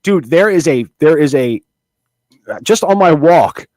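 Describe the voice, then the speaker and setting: A man talking on a podcast in loose, profane banter, his pitch swinging up and down as he works himself up over a story. The sound is close and dry, with no room around it. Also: measured pace, no echo. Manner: animated, swears freely, rambling restarts. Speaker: podcast co-host.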